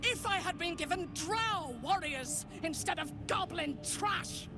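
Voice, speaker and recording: A woman's voice: extremely high pitch, lively intonation, measured pace. A woman voicing a haughty female drow commander who insists, with indignation, that the blame is not hers. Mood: indignant. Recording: video game audio with music.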